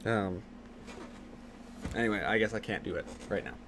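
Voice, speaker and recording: A young man streaming live late at night, teasing his chat and jumping from low mumbles to sudden yells. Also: normal speed, noisy background. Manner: excitable, teasing, jumps from mumbling to yelling.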